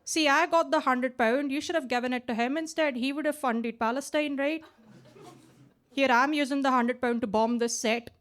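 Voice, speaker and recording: Woman, late twenties, from India, twang, stand-up comic, chatty, slightly high voice, stage mic. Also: normal speed, fairly bright tone. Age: late 20s. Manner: chatty, tags lines with "right?". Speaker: stand-up comedian. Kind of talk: stand-up comedy set. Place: basement comedy club.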